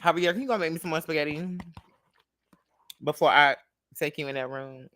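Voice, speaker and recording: A man's voice: a little high, moderate pace, bright, forceful tone, slight background noise. A young man hosting a casual livestream, telling a story in a sassy, chatty way and greeting viewers by name. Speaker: livestream host.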